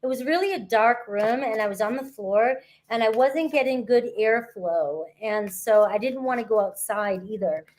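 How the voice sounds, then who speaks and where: Out at the beach, a tarot reader gives a casual reading to camera in a slightly high, animated, somewhat mellow voice. She keeps it loose and chatty, often stopping to ask "all right?" or "okay?" to check in with viewers.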